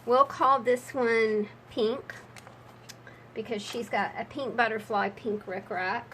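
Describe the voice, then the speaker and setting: A woman's voice: on the high side, steady tone, takes it slowly, fairly bright tone, poor audio. A chatty woman walks viewers through her handmade journals. She talks casually, drifts into rambling asides and fills the gaps with ums. There is a faint hiss behind her voice. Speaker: junk journal crafter. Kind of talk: casual crafting vlog.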